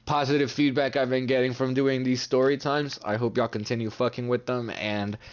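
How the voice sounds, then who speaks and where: A man's voice: medium pitch, fairly even intonation, moderate pace, dull audio. A young man telling a casual, profane storytime in a vlog, acting out his friends' lines with lots of energy. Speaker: storytime vlogger.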